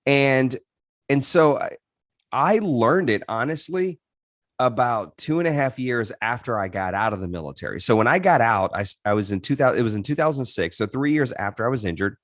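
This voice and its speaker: A man's voice: medium pitch, lively intonation, a little fast, no echo, studio quality. A man in his thirties, a podcast guest, telling his life story in an earnest, reflective way with frequent restarts. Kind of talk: candid interview storytelling.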